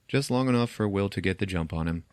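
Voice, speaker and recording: Deep-voiced man recapping a film. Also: brisk, dry recording, studio quality. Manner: animated storytelling, acts out characters' lines and laughs often. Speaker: podcast host.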